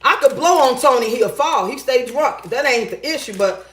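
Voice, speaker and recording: A middle-aged woman in casual storytelling chat, loud, blunt and profane, talking in her home kitchen. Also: sits high, lively intonation, moderate pace, reverberant. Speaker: relationship advice vlogger.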